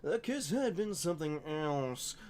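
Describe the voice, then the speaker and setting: A man from Canada reading fan fiction aloud on a podcast, halting and giggly, with frequent restarts. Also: fairly high pitch, very animated, a little mellow, a little hiss or hum.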